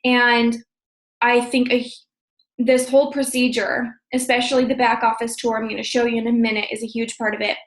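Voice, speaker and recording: Upbeat woman, high voice, casual team coaching, echoey room. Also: level tone. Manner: upbeat, talks fast with frequent "okay?" check-ins. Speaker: team leader training sales associates. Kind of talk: casual training talk.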